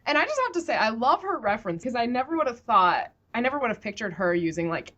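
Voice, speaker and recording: A woman's voice: fairly high pitch, big pitch swings, quick pace, a bit bright, dull audio. A woman co-hosting a casual review podcast, playful and slangy, often breaking into giggles. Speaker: podcast co-host reviewing a story. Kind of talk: casual chat.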